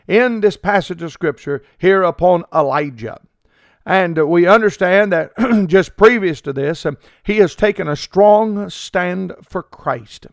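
A high-pitched man delivers a radio sermon in a dry, close recording. He talks haltingly, with frequent filler sounds between phrases, and builds into emphatic preaching. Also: dry recording.

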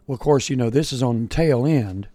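A man's voice: mid-range voice, a little fast, dark tone, no room sound. A man co-hosting a morning radio show, chatting in an easygoing, folksy way with many fillers. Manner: easygoing, folksy, lots of "you know" and "yeah". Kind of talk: casual on-air chat.

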